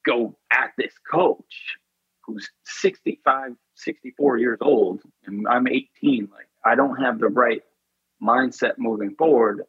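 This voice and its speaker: A man's voice: mid-range voice, slightly rough, dry recording, lo-fi sound. A man in an interview, telling a personal story in an earnest, intense way. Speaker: podcast guest.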